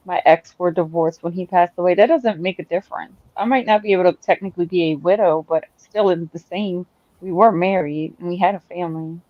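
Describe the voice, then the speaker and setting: Lower-voiced woman on a muffled call. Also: brisk. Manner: candid, swears. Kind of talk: casual livestream chat.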